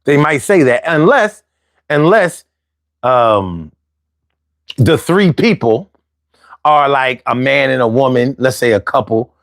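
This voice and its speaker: A man's voice: medium pitch, lively intonation, slow, long pauses, no echo, studio quality. A man with a Philadelphia accent hosting his own show, giving casual, slangy advice with jokey asides. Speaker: host.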